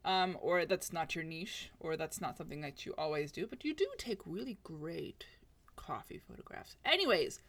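A woman's voice: on the high side, fairly bright tone. A woman co-hosting a podcast, chatting casually and talking through hypothetical examples. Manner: talkative, laughing, builds hypothetical examples. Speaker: podcast co-host. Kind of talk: casual chat.

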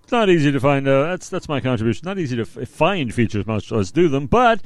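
A man's voice: medium pitch, very animated, fast, no room sound. An older man co-hosting a radio music show, chatting casually in a rambling, jokey, self-deprecating way. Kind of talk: casual on-air music chat.

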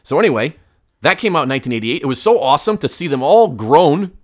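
A man's voice: a little high, fast talker. A man co-hosting a podcast, telling stories in a casual, jokey way. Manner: lively, jokey, tells stories with put-on quotes. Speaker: podcast co-host. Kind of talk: casual chat, storytelling.

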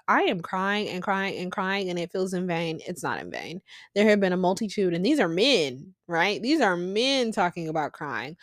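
A woman's voice: medium pitch, no room sound, studio quality. A young woman hosting a casual Bible study podcast, talking in an emphatic, conversational way with slangy asides. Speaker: podcast host.

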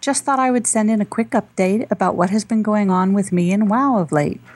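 A woman co-hosting a gaming podcast, reading a listener's email aloud at a steady, even pace. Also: mid-range voice, brisk. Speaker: podcast co-host.

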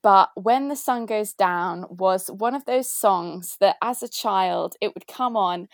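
A young woman from the south of England with a posh accent, chatting casually and cheerfully about her favourite songs, lively and quick to laugh. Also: mid-range voice, no echo. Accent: posh southern English. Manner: chirpy, lively, laughs often. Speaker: guest sharing favourite songs. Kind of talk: casual chat.

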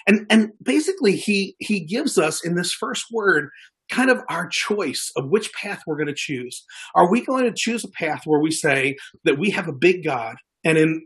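A man's voice: on the high side, expressive, moderate pace, fairly bright tone, breathy edge. A man preaching a sermon as a pastor, earnest, often repeating words as he builds his points.

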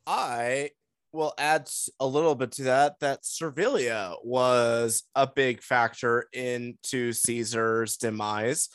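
A man laying out his argument point by point in a relaxed podcast conversation. His voice is middle-pitched and sits dry and close, with no room sound. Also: slow, clear, resonant tone, no room sound. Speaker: podcast co-host. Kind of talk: casual chat.

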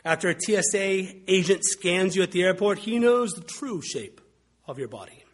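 A man's voice: high voice, expressive, moderate pace. A man preaching a sermon as a pastor, telling wry stories in a conversational way. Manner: conversational, wry storytelling with mimicked quotes.

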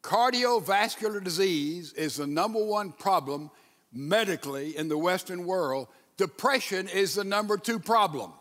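A man's voice: high-pitched, lively intonation, moderate pace, fairly bright tone, long reverb tail. A man preaching a sermon as a pastor, leading his congregation in reading and prayer. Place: church sanctuary.

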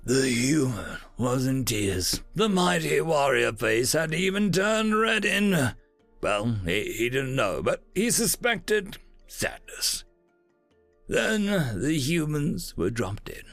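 A man narrating science-fiction stories in a scripted, animated storytelling manner. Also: mid-range voice, takes it slowly, vocal fry, no echo, faint music behind.

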